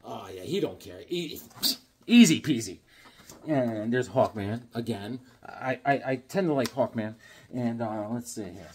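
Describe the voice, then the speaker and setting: A man's voice: mid-range voice, animated, unhurried, a little mellow, slight background noise. A man casually chatting to camera, rambling in an easygoing way as he shows his comics and sketches. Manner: rambling, easygoing, chuckling asides. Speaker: comics collector showing his drawings.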